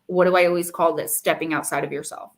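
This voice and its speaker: A woman's voice: low-pitched, fairly even intonation, fast, gravelly. A woman hosting a live-stream oracle card reading, speaking casually with frequent fillers and reading card meanings aloud. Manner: chatty, reads card text aloud, many fillers.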